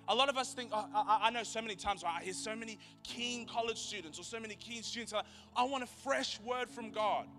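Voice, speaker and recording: A young man giving an energetic, chatty youth sermon as pastor, repeating key lines for emphasis. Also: extremely high pitch.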